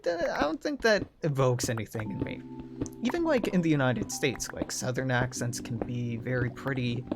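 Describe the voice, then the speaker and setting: A man's voice: mid-range voice, sing-song, moderate pace. A young man hosting a gaming video, chatting casually in a sardonic, profane, rambling way over background music. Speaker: gaming channel host.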